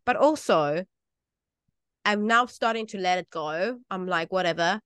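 A woman's voice: medium pitch, lively intonation, measured pace, a bit bright, clear, resonant tone, dry recording. A woman in her thirties, a mother, co-hosting a podcast and talking earnestly and openly in casual chat. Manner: earnest, confiding, frequent agreeing. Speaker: podcast co-host.

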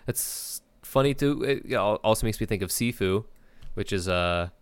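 Male podcast co-host, low-ish smooth voice, dry close mic, casual and giggly. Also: normal speed, dry recording. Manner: laughs often, loose and rambling. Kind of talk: casual gaming chat.

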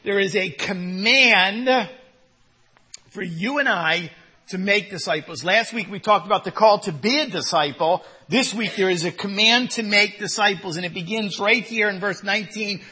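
A man preaching a sermon in a high, very bright voice with a husky edge. He drives his points home with rhetorical questions and repeats single words for emphasis, swelling into loud commands. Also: moderate pace. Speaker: pastor.

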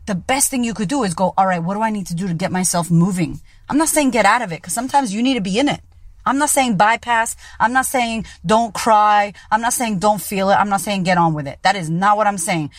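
A woman's voice: mid-range voice, a little fast, no echo, clean studio sound. A woman podcast host and coach giving a blunt, profane motivational monologue. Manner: blunt and profane, keeps it real.

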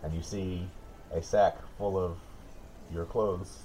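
A man narrating as dungeon master in a relaxed, descriptive way. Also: low-pitched, slow, a little hiss or hum, poor audio. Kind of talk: narrating a tabletop game.

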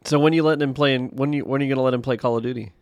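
A man's voice: mid-range voice, fairly even intonation, rapid-fire, no echo. A man hosting a casual chat from a green screen studio, teasing his guest and asking playful questions. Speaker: podcast host.

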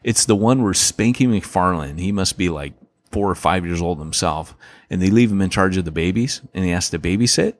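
A man's voice: low-pitched, normal speed. A man co-hosting a casual podcast, rambling through points and acting out quotes with lots of laughs. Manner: animated storyteller, acts out quotes, laughs often; rambling, many restarts and fillers. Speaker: podcast co-host.

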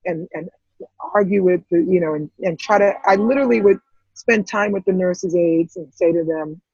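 A woman, an interview guest, tells an emotional personal story in a halting way, full of restarts and repeated words. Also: fairly low pitch, darkish tone, husky, no echo, muffled recording.

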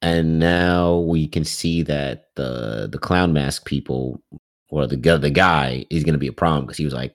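A man's voice: very deep voice, normal speed. A young man co-hosting a casual podcast chat, laid-back and slangy, laughing often. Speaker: podcast co-host. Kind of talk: casual chat about an anime.

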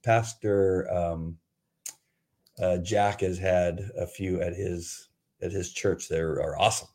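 A man with a fairly low voice co-hosts a faith talk show in a relaxed, conversational way. He often restarts his sentences and laughs easily between them. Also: slow. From Southern California. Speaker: co-host of a Christian devotional show. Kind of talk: casual chat with his wife.

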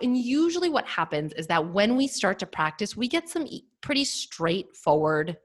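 A woman's voice: mid-range voice, sing-song, normal speed, hardly any pauses. A woman in her thirties hosting a solo podcast, speaking candidly and with animation, using lots of fillers. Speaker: podcast host and nutrition practitioner.

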